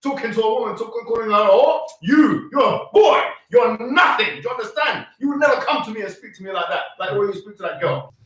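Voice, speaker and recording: A man in a street argument, angry and confrontational, shouting. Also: high-pitched, racing, roomy sound, recorded from a distance, poor audio.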